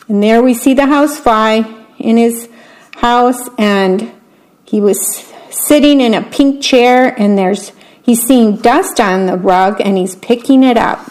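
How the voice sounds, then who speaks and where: Volunteer radio reader, woman, gentle bedtime-story delivery, slightly high voice. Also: a little slow. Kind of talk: reading a bedtime story aloud.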